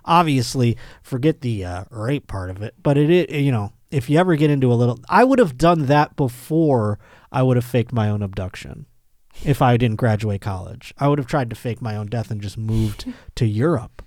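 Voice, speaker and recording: A man's voice: medium pitch, lively intonation, moderate pace, darkish tone, dry recording, studio quality. A man hosting a comedic podcast, riffing on odd news stories and laughing often. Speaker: podcast host.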